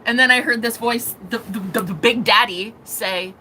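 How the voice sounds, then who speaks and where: A young woman telling a personal story to camera in a casual, animated way, swearing and laughing often. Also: on the high side, normal speed, a little hiss or hum, low-quality recording. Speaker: vlogger.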